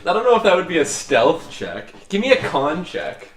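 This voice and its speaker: A man's voice: sits high, very animated, moderate pace. Rambling, laughing male game master. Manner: loose, rambling, laughs often. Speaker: dungeon master. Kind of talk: running a tabletop game. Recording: echoey room.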